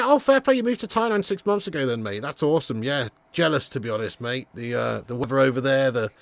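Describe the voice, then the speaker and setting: A man's voice: fairly high pitch, creaky, a bit bright, no echo. A young man hosting a live football watch-along, blunt and sweary, laughing and reading viewer messages. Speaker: host.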